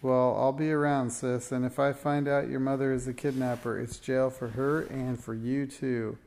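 A man doing a pudgy storybook constable who bullies a little girl with gruff threats. The voice is gravelly and loud. It has a pushy, blustering edge. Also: mid-range voice, little pitch movement, moderate pace, slight background noise, natural voice. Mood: threatening.

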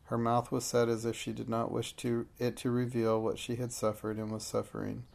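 Male storybook narrator; gravelly, level, unhurried read. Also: mid-range voice, monotone, darkish tone. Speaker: audiobook narrator. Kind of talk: scripted narration.

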